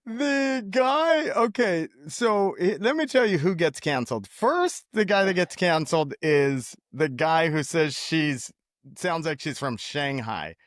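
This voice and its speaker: A lively man co-hosting a podcast with a voice set a little high, swinging up and down as he jokes and breaks into laughter. He keeps slipping into quoted voices to act out the story, and the sound is dry and close to the mic. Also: a little slow, dry recording. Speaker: podcast co-host. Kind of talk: casual comedic chat.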